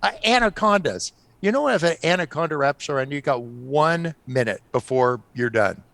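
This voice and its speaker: A middle-aged man telling stories on a podcast as a guest, animated and often laughing. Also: mid-range voice, normal speed, creaky, no room sound. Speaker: guest author. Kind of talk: casual storytelling on a podcast.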